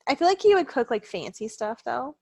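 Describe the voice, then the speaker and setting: A woman co-host chatting on a podcast in a fairly high voice that rises and falls a lot. She is playful and cheeky and laughs often. The sound is dry and close. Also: sing-song, fairly quick, creaky, darkish tone, no room sound. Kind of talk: casual chat.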